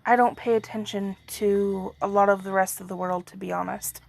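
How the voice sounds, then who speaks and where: A woman's voice: mid-range voice, fairly even intonation, normal speed, creaky, a little mellow, no room sound. A woman giving a casual, rambling video update as an earthquake forecaster, with many fillers.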